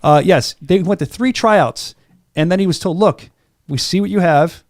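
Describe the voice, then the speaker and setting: A man's voice: sits high, normal speed, darkish tone, dry recording. A man hosting a combat sports podcast in a studio, chatting casually and telling stories with enthusiasm. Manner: enthusiastic, storytelling, repeats words. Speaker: podcast host.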